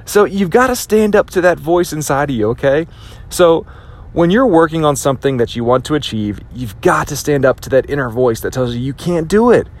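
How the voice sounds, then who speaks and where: A man giving a motivational speech, emphatic and repetitive, acting out his inner voice now and then. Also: on the high side. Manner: emphatic, repeats phrases for impact, acts out inner voices. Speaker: motivational speaker.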